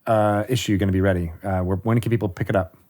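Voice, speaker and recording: A man with a somewhat low voice hosts a relaxed podcast interview. He is friendly and playful, quick to affirm his guests. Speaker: podcast host.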